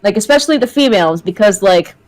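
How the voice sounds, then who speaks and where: Giggly female co-host, medium pitch, chatty casual tangents. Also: expressive, fast, a little mellow. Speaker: stream co-host. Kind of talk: casual chat over a game stream.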